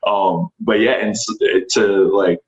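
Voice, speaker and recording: Speaking slowly in a fairly low voice, a young stunt performer from Texas relates his story during a laid-back interview, enthusiastic and animated, laughing frequently and imitating others. The room echoes noticeably and the highs are cut off.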